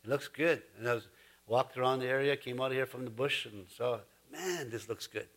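A man's voice: medium pitch, fairly even intonation, brisk, a bit bright. A man preaching a sermon in a folksy, chuckling way, rising to emphatic points. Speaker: pastor.

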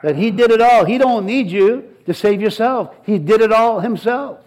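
Preaching in a rough recording, a middle-aged pastor with a strikingly high, slightly mellow voice speaks at a normal pace. Emphatic repetition drives each point, and his sermon steadily climbs in intensity.

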